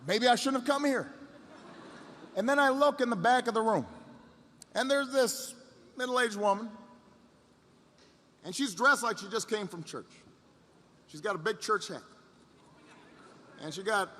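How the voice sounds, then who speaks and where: A middle-aged man with a high, bright voice tells a story as a political speaker. He stumbles and repeats phrases, then swells into shouted rallying calls. His voice rings out with a long echo through a large hall. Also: a little hiss or hum. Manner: halting repetitions, building to shouted rallying lines. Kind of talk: storytelling campaign speech.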